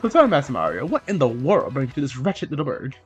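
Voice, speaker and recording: A man's voice: medium pitch, huge pitch swings, fast, soft background music. A man voicing a fussy, very proper old male mushroom steward with pompous, old-fashioned speech.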